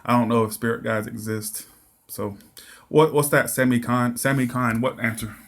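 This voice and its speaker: A tarot reader with a mid-range voice answers viewers' comments in a casual live chat, speaking in a steady tone at a moderate pace. He rambles through them, laughs often, and keeps restarting his sentences.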